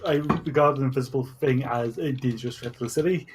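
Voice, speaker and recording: A man's voice: medium pitch, fast, a little hiss or hum. A man playing a tabletop game, hesitantly explaining his character's motives. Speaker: player.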